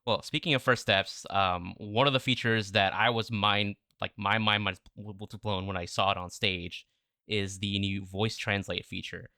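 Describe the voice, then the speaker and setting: Man, podcast co-host, lowish pitch, bright edge, dry close sound, enthusiastic questions. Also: steady tone, normal speed, no room sound. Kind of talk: casual tech podcast chat.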